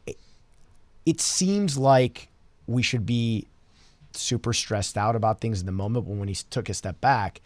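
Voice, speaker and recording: A man, a real estate broker, talking in a relaxed casual panel chat and telling stories. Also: medium pitch, a little slow, pauses often, dry recording. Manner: storytelling, relaxed, repeats words.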